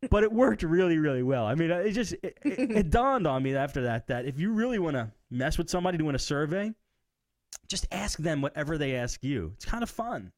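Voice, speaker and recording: A man's voice: a little high, big pitch swings, fairly quick, no echo, clean studio sound. A man co-hosting a casual late-night tech podcast, telling a story and acting out both sides of a phone call. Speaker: podcast co-host.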